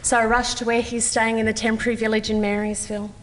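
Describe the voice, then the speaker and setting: Aussie woman reading her story slow and earnest, kinda high voice, big echoey conference hall. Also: little pitch movement, a little hiss or hum. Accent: Australian. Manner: measured, earnest, with slow deliberate pauses. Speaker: conference speaker. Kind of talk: personal testimony, read aloud.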